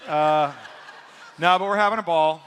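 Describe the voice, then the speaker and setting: A man in his sixties trades folksy, self-deprecating jokes from the pulpit, with a voice pitched a little high for a man. The sound carries a long church-hall reverb. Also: normal speed, a bit bright. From eastern Washington, USA. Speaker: co-pastor. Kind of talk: sermon. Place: church sanctuary.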